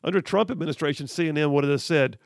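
Gravelly guy on talk radio, kinda high voice, sarcastic, laughs a lot. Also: fast, dry recording, studio quality. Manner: sarcastic, laughs often, reads headlines aloud. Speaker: radio talk show host. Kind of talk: political talk radio commentary.

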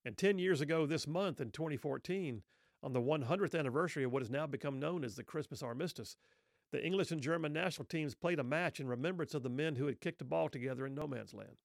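A man's voice: on the high side, fast talker, vocal fry, no room sound, clean studio sound. A man telling a historical story in an earnest, reflective way, with rhetorical questions.

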